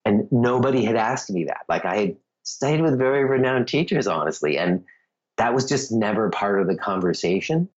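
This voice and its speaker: A man's voice: fairly low pitch, expressive, normal speed, muffled recording. An American man, a yoga teacher, telling a personal story in a casual, chatty way, full of "like"s and small laughs. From United States. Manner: chatty, many "like"s, laughing asides.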